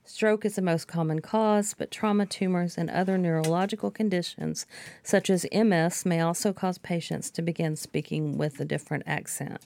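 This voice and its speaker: A woman's voice: fairly low pitch, steady tone, normal speed, gravelly, a little mellow. A woman co-hosting a podcast, reading topic notes aloud between brief casual replies. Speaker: podcast co-host.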